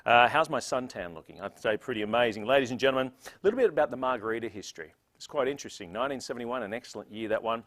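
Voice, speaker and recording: A man's voice: medium pitch, expressive, racing, fairly bright tone. An Australian man emceeing a gala with playful, jokey showman banter.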